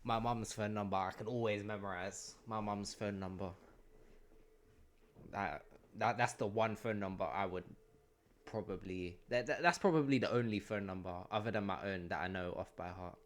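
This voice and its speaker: A man with a fairly low voice reacts to a clip in short, relaxed comments. A faint hiss of ambient noise sits behind him. He sounds like a reaction host chatting casually. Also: normal speed. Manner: relaxed, brief remarks.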